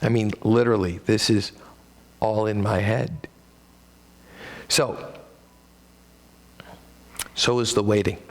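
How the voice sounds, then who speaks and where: In a solo stage monologue, a man with a Midwestern American accent speaks slowly with fairly even intonation and frequent pauses. He tells wry, self-deprecating dad jokes, jumping his pitch for comic emphasis.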